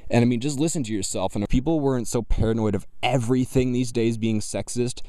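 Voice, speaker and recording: A man's voice: mid-range voice, fast, warm tone, dry recording, clean studio sound. A man giving mocking, argumentative reaction commentary on video clips. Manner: scornful, argumentative.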